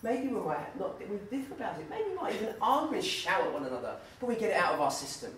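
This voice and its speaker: A man giving an informal, animated talk full of anecdotes and fillers, in a university lecture room. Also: sits high, quick pace, a little hiss or hum. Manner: animated, acts out voices in the stories, many fillers. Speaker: guest speaker at a campus talk. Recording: very echoey room, distant mic.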